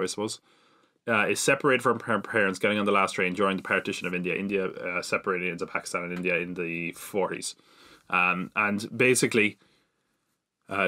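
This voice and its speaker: A man's voice: sits low, bright, forceful tone. A man hosting a podcast, chatting casually through an episode recap with lots of fillers and self-mocking asides. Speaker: podcast host.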